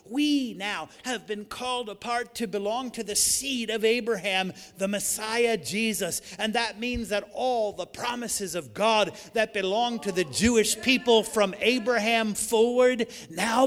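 High-voiced preacher in an echoing hall. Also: male voice. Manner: emphatic, rising to shouts on key lines. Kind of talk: sermon. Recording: long hall reverb.

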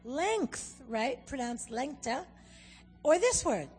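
Animated American missionary woman addressing a congregation; higher voice with a long hall echo. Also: drawn-out words. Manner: animated, joking, addresses the audience directly. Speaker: missionary speaking at a church. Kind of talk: humorous church talk with a language lesson. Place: church hall. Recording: reverberant hall with faint music.

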